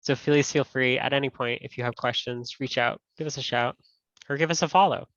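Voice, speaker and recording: A man's voice: medium pitch, steady tone, a little fast, a bit bright, no echo. A man presenting a webinar and answering questions, in a casual, friendly way and correcting himself as he goes. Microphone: video call. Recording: dull dry audio.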